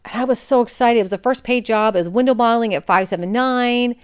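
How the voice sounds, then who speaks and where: Woman podcast host, candid chatty storyteller, smooth voice. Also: a little high, fast. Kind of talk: personal storytelling.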